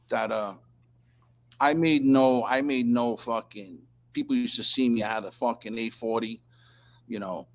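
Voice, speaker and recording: A man telling a long, rambling story in casual chat, swearing constantly and clearing his throat often. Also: medium pitch, slight background noise. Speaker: interview guest.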